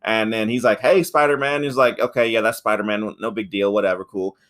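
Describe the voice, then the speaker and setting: A rambling, foul-mouthed man in a casual podcast chat. He talks at an ordinary pitch, tells the story in loose stretches and keeps acting out the lines of the people he describes. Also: fairly even intonation, brisk, a bit bright. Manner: rambling, swears a lot, acts out quotes. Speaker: podcast co-host reviewing a film.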